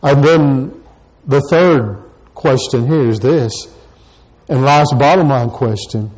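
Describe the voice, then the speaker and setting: A man's voice: medium pitch, takes it slowly, darkish tone, low-quality recording. A pastor preaching a sermon to his congregation, pressing the same questions again and again. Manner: repeats rhetorical questions to the congregation.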